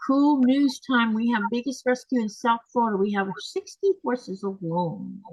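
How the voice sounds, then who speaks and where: A tired woman hosts a casual live sewing stream, reading viewer comments aloud and answering them in a chatty way. Her voice sits on the higher side, and the recording is dry and close. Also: moderate pace, darkish tone, no echo, rough recording. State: tired, keeps yawning.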